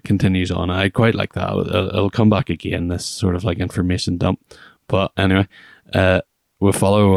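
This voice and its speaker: A man's voice: deep voice, creaky, no echo, studio quality. A man giving a rambling, chatty recap of a film, full of fillers and restarts, with wry asides. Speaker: film reviewer.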